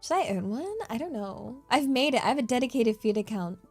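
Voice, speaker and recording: A woman streamer chatting casually with her viewers, bubbly and giggly, easily excited. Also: fairly high pitch, brisk, breathy edge, soft background music. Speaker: VTuber streamer. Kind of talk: casual live-stream chat.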